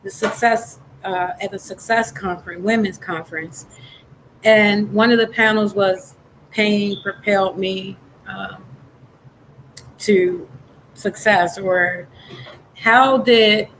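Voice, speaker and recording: A woman hosting a casual interview, affirming her guest and pausing to search for her words. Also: mid-range voice, fairly even intonation, fairly bright tone, slight background noise, low-quality recording. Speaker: talk show host.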